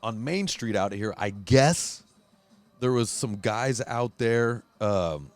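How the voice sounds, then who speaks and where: A man hosting a casual podcast chat, telling a story in a profane, animated way and acting out quotes. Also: mid-range voice, slow pace. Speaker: host. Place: Huntington Beach, California.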